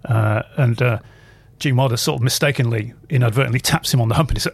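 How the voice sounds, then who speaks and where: A man's voice: medium pitch, quick pace, vocal fry, hardly any pauses, slightly rough, no room sound. A man hosting a radio show, chatting casually and telling long, rambling anecdotes in a studio.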